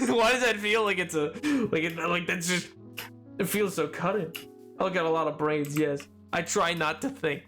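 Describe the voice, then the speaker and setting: A man's voice: high-pitched, a bit bright. A man chatting casually while livestreaming a game, rambling from one thought to the next and laughing often. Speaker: streamer.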